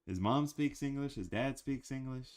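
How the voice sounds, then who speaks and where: A man's voice: medium pitch, normal speed, darkish tone. A man talking casually about cartoons in a rambling, chatty way with frequent fillers. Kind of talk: casual chat.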